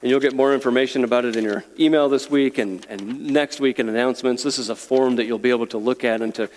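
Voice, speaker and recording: A man's voice: medium pitch, steady tone, quick pace, a little mellow. A man preaching a sermon as pastor, earnest, chuckling and repeating words as he makes his points. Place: church sanctuary. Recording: long reverb of a church hall.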